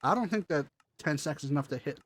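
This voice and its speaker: A man's voice: a little high, lively intonation, fast, no room sound. A man streaming a game live, chatting casually and talking to himself while he plays, with offhand jokes. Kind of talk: casual live gameplay commentary.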